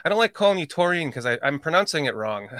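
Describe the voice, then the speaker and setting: A man hosting a loose, chatty livestream podcast. His voice sits a little high for a man and sounds close and dry. He rambles, swears freely and laughs off his own mistakes. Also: sing-song, fast talker, a bit bright, no room sound. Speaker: podcast host. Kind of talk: casual livestream chat.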